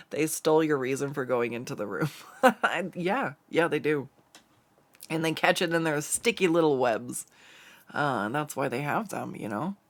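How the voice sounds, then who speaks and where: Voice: medium pitch, animated, unhurried, long pauses, no room sound. A streamer chatting casually on a live stream, rambling with lots of fillers, restarts and small laughs. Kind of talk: casual chat while drawing on stream.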